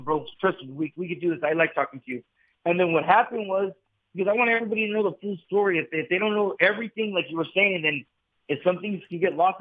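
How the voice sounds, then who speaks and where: A man in his forties from Southern California, a guest telling his story intensely and repeating himself, on a remote call line. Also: high voice. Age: 40s. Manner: intense, repetitive, calls the host bro. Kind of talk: casual storytelling conversation. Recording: tinny phone-like call line.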